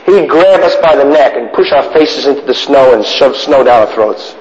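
A man telling wry, animated stories to an audience in a casual way. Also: medium pitch, normal speed. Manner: animated, wry, acts out voices in his stories. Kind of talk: casual anecdotal storytelling to an audience. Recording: echoey hall, dull lo-fi sound.

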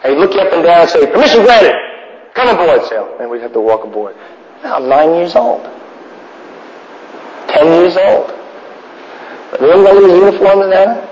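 A man telling wry, animated stories to an audience in a casual way. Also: fairly high pitch, normal speed, long pauses, slight background noise. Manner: animated, wry, acts out voices in his stories. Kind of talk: casual anecdotal storytelling to an audience. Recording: echoey hall, dull lo-fi sound.

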